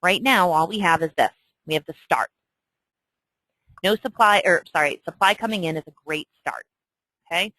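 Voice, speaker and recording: A woman's voice: on the low side, normal speed, long pauses, bright, forceful tone, dry recording, low-quality recording. A woman teaching stock chart reading in a chatty, emphatic way, often checking in with "okay?". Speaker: trading instructor. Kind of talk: screen-share trading tutorial.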